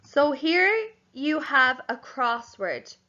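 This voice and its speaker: A young woman teaches young children at an easy, unhurried pace, spelling each word out letter by letter. Her voice sits fairly high, and the recording is a bit dull and lo-fi. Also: big pitch swings. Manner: slow and clear, spelling words out letter by letter; gently addresses children as boys and girls. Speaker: primary school teacher. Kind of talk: home learning lesson for young children.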